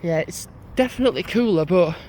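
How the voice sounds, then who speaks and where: A man's voice: high-pitched, animated, a little fast, a little mellow, slight background noise. A young man, rambling casually to his phone while out on an evening walk uphill. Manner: rambling, chatty monologue. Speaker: vlogger. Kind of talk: casual walking vlog.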